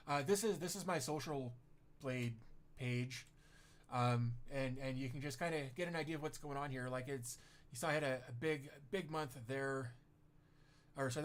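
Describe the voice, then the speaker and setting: A middle-aged man chatting casually on a tech livestream, reading out viewer comments. He rambles in a self-deprecating way, often restarting his sentences and filling the gaps with "um" and "uh." His voice sits at an ordinary, middle pitch for a man. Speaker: tech YouTuber hosting a livestream.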